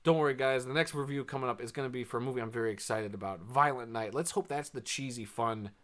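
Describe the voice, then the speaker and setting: In a casual spoken movie review, a man rambles in a loose, unscripted way, dropping plenty of fillers with a dry, sarcastic edge. His middle-pitched voice is fast and a bit bright, and he often sighs or laughs.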